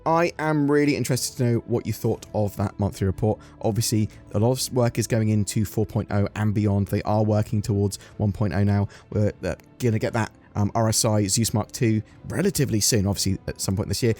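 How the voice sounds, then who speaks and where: A man with an English accent hosts a gaming news channel, rattling through a development report at a quick, brisk clip. He then slips into a relaxed, chatty sign-off to his viewers. Faint music plays softly underneath. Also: on the low side. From England. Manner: brisk, rapid delivery. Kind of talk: reading a dev report then casual outro.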